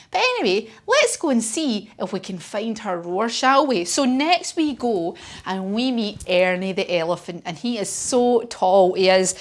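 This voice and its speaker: Gentle kids' yoga teacher, woman. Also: a little high. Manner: gentle, encouraging, sing-song. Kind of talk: storytelling yoga class for children.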